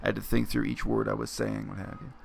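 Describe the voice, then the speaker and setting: A man talking through a story in a reflective, explanatory vlog monologue, with frequent pauses and fillers. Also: lowish voice, flat delivery, creaky, breathy edge. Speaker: vlogger. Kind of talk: casual spoken monologue.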